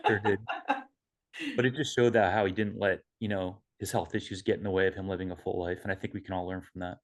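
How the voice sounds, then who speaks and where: A man telling a personal story at an online memorial, halting with many fillers and restarts, heard over a video call. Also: low voice, fairly even intonation. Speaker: memorial speaker, son-in-law. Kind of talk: casual storytelling.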